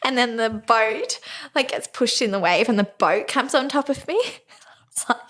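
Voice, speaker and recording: A woman's voice: fairly high pitch, animated, moderate pace, fairly bright tone. A woman, co-hosting a podcast and telling a story in casual chat, laughing often. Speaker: podcast co-host.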